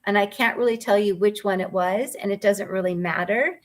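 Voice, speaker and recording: A woman mindfulness coach telling a personal story in a gentle, earnest way, with frequent ums and restarts. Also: mid-range voice, moderate pace.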